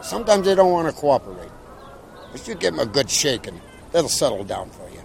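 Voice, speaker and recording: A blunt, plainspoken chicken farm boss in a film scene. His gravelly voice rises and falls widely as he hands out orders. He sounds middle-aged and no-nonsense. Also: mid-range voice, very animated, fairly quick, slight background noise. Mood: instructing.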